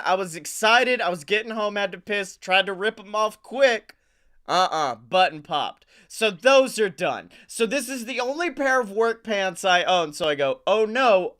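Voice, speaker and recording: A young man co-hosting a podcast, telling a profane, animated story and acting out the dialogue. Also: high voice. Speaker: podcast co-host. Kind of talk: casual comedic chat.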